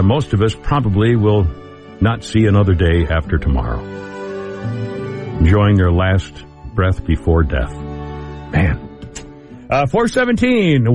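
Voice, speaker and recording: A man hosting a talk radio show, chatty and reassuring with callers. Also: mid-range voice.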